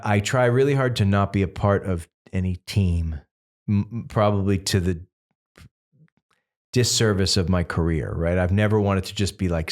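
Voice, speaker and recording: A man in his fifties with a very low voice, originally from Massachusetts. He talks as a guest in a relaxed interview, winding through long stories with plenty of "like" and "you know". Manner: rambling, animated storytelling full of fillers. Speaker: singer-songwriter guest. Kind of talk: casual interview chat.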